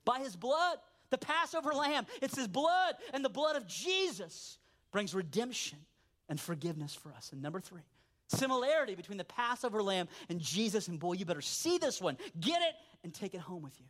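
At a moderate pace, a man pastoring a congregation preaches with animated stories, shifting between hushed asides and rising, emphatic points.

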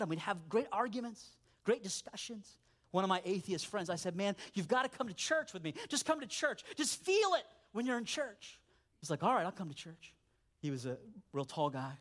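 Guy pastor with a high voice telling stories in a sermon, goes low for asides then pushes up loud. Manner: animated storytelling, swings between low asides and raised emphatic lines.

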